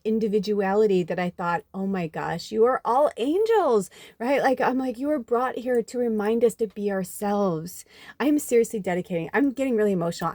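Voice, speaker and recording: A woman in her forties talks casually to her viewers as a spiritual reader, chatty and emotional. She swears freely and acts out what others said. The sound is dry and close, at a middling pitch. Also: darkish tone, dry recording. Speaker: spiritual reader and channel host. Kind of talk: casual storytelling to camera.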